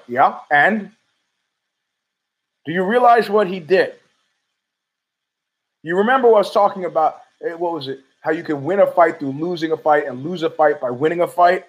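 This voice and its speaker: A man's voice: a little high, expressive, normal speed, rough recording. A man hosting a podcast, rambling and profane, arguing with himself in a casual monologue. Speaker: podcast host.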